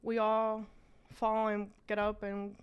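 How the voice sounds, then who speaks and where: A woman's voice: medium pitch, completely flat delivery, slow pace, clear, resonant tone, dull audio. A woman, a business owner telling her story as an interview guest and switching between English and Spanish.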